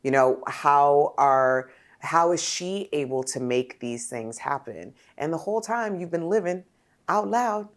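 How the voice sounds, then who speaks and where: A woman hosting a podcast interview, talking in an animated, emphatic way and laughing often. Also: sits low, unhurried. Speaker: podcast host. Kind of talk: casual conversational interview.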